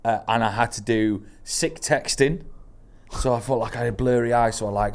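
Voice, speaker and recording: A man's voice: medium pitch, moderate pace, creaky. A man hosting a comedy podcast, teasing his guests in casual chat. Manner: teasing, animated. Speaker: podcast host.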